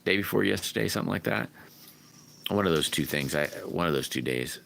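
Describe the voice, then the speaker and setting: A man hosting a casual livestream, chatting to viewers and greeting them by name in a rambling, friendly way, sometimes whooping loudly. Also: low-pitched, expressive, fairly quick, creaky, a little hiss or hum. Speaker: livestream host. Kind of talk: casual livestream chat reading viewer comments.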